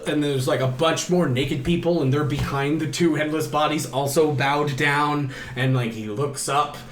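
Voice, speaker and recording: Animated, swearing man retelling a film. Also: a little high, moderate pace, echoey room, a little hiss or hum. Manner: animated storyteller, acts out characters with gasps and shouts, swears often. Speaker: podcast co-host. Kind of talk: casual movie recap.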